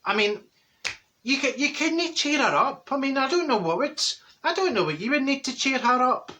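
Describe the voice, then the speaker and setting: A man's voice: extremely high pitch, expressive, normal speed, bright, forceful tone, exaggerated voice. A man playing a blunt, gossipy middle-aged woman from Glasgow with a Glaswegian accent, telling comic stories to camera. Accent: Glaswegian Scottish. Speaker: comic character monologue.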